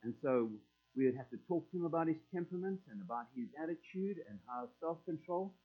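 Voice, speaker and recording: High-voiced male preacher, tinny line. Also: lively intonation, quick pace. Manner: conversational and folksy, acting out prayers in quoted voices. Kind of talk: sermon. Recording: tinny phone-like line with mains hum.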